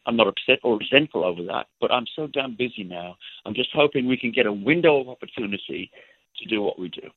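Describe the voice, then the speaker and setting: An older man speaks with a husky, slightly breathy grain, gushing with praise and affection in loose interview talk. The voice comes through a thin, phone-like line that strips away lows and highs. It sounds close and dry. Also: animated, quick pace, dry recording. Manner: effusive and warm about others. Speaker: guest musician. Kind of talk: casual interview chat.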